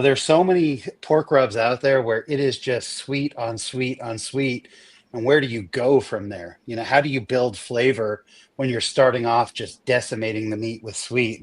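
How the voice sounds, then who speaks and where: A man with an average-pitched voice talks up a favorite rub in easy, enthusiastic conversation. His podcast chat is relaxed and friendly. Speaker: panelist.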